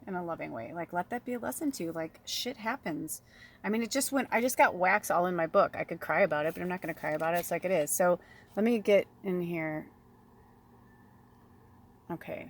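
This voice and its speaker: A woman giving a casual spiritual card reading, rambling and chatty, reading card passages aloud and talking straight to her viewers. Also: fairly low pitch. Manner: chatty, rambling, addresses viewers as "you guys"; reads card passages aloud, then riffs on them. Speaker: tarot and oracle card reader.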